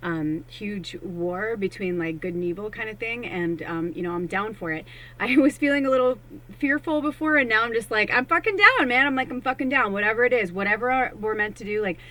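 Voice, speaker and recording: Chatty, animated woman doing a card reading. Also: medium pitch, brisk, low-quality recording. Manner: chatty and animated, swears casually, acts out her own inner voice. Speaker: psychic medium doing tarot readings. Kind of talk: casual spiritual card-reading monologue to viewers.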